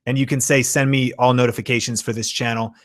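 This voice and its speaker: A man hosting a live-stream Q and A, talking with excitable enthusiasm and plenty of fillers. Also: medium pitch, fast talker. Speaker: YouTube channel host.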